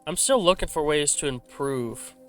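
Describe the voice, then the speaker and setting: Male gaming vlogger, fairly high bright voice, loose rambling talk with a slight stutter, faint music underneath. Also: lively intonation, normal speed. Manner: rambling, self-correcting, frequent restarts. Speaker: gaming channel host. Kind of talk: laid-back rambling commentary while playing. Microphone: desk microphone with a simple filter.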